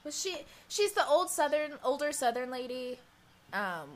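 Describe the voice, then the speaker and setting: A young woman co-hosting a casual movie podcast, agreeable and animated, swearing freely. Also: sits high, normal speed. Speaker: podcast co-host. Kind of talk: casual chat.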